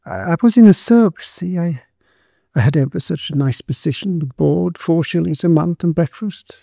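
A man reading a story, voicing a poor, timid young woman who stammers and pleads in a shrill, lisping voice. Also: animated, normal speed, gravelly, dark tone, no echo, studio quality. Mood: explaining.

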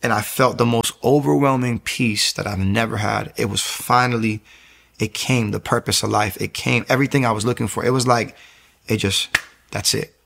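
A man's voice: on the low side, fairly even intonation, normal speed, gravelly, fairly bright tone. A man earnestly recounting his faith testimony in a casual, repetitive way, with many fillers. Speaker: guest giving a testimony.

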